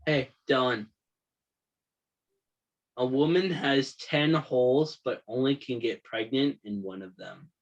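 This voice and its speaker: A man's voice: medium pitch, takes it slowly, pauses often. A seventeen-year-old boy co-hosting a casual podcast, goofy and playful. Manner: goofy, playful mock voices. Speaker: podcast co-host. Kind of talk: casual chat. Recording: dull lo-fi home recording.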